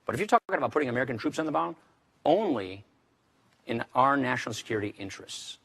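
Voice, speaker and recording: A man's voice: medium pitch, very animated, quick pace, fairly bright tone, breathy edge. A man, a congressman, speaking in a formal political debate, firm and repeating key phrases for emphasis. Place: debate stage.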